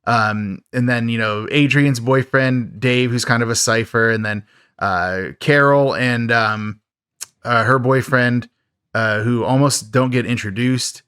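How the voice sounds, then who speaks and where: A podcast co-host recaps a schlocky horror film in a relaxed, jokey chat full of laughter. His medium-pitched voice is unhurried, fairly bright, and clean, recorded in a clean studio with no room sound.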